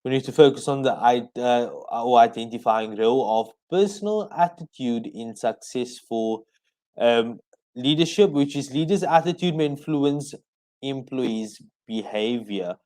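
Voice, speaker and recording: South african guy teaching a revision class, mellow voice, slow and careful so you can take notes. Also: medium pitch, rough recording. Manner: explains slowly point by point for note-taking. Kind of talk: exam revision lesson on radio.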